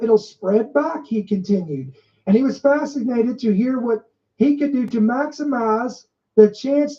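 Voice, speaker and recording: A woman with a higher-pitched voice reads headlines aloud and breaks off to comment on them. She stresses and repeats key words for effect, and her tone is warm and mellow. The recording sounds dull and muffled. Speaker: podcast host. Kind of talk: commentary reading news aloud.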